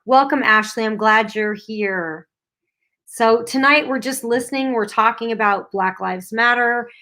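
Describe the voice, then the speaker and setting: A woman's voice: on the high side, a little slow, sharp tone. A middle-aged woman co-hosting a casual livestream, reading viewer comments aloud and chatting with lots of fillers. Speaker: livestream co-host.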